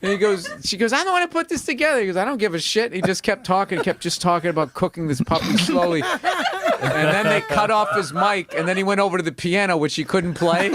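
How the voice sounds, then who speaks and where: A man telling profane, animated anecdotes as a comedian guest in casual podcast chat. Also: sits high, heavy background noise.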